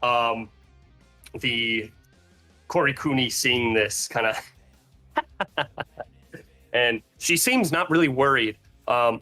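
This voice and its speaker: Bright-voiced man running a tabletop game. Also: mid-range voice. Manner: rambling, many fillers and restarts. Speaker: game master. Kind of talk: narrating a tabletop game over a call.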